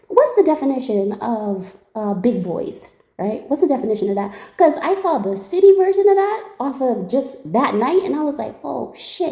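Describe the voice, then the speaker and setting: Young adult woman, slangy and lively, telling a story; mellow, fairly high voice in a roomy space. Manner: animated, laughs often, slangy, quotes people in dialogue. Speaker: tarot reader telling a story. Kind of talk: casual storytelling.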